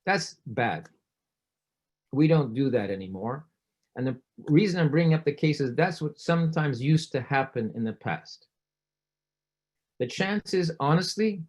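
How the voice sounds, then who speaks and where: A middle-aged doctor talks an audience through real cases in a relaxed, conversational presentation. He tells each story vividly, lifting his voice when he plays the people in it. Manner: storytelling, acts out quoted voices with rising pitch. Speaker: physician giving a public talk.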